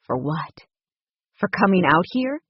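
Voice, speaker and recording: A woman voicing a gruff but tender young male rancher in an audiobook, speaking low and hushed. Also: sing-song, unhurried, no echo, lo-fi sound, heavily acted.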